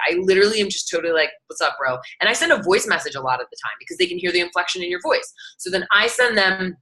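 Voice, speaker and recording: A young woman coach talks quickly and brightly, walking fellow coaches through her routine. Her voice sits a little low, but the delivery is chatty and loose. She often restarts sentences as she goes. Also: low-quality recording. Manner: chatty, conversational, restarts often and acts out sample messages. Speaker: fitness coach teaching other coaches. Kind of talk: casual instructional talk.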